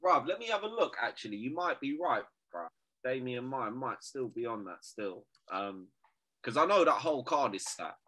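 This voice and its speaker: A man co-hosting a fight podcast, teasing and swearing freely in casual banter over a remote call. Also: normal speed. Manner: animated, teasing, swears freely, bursts into high laughs. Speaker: podcast co-host.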